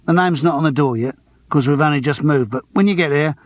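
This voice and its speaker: A man's voice: on the high side, fairly quick, dry recording, lightly acted. A man voicing a businesslike talent agent with a Cockney accent. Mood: brisk. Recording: dry close studio.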